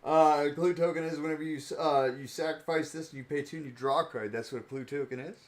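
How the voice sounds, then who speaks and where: A man's voice: on the high side, fairly even intonation, fast talker. A young man streaming, chatting casually and joking as he sorts cards, laughing often and playing with mock accents. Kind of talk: casual stream chat while sorting cards.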